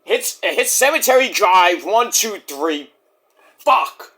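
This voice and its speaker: A man in his forties giving a casual, rambling, profane review, now and then mimicking others in quick put-on voices. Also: high-pitched, lively intonation, bright, forceful tone. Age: 40s. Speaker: wrestling show reviewer.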